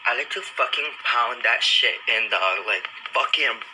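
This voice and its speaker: A man walking through his everyday makeup in a sassy, foul-mouthed, dramatic way. His voice sits at an average pitch, recorded close on a phone with clear background noise. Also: unhurried. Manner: sassy, profane, exclamatory. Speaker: beauty vlogger. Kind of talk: casual makeup tutorial.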